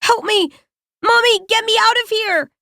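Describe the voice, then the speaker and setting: Woman reader doing a scared trapped girl: high, panicky, pleading. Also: animated, slow, vocal fry, dry recording, clean studio sound, heavily acted. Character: terrified young girl trapped in a coffin.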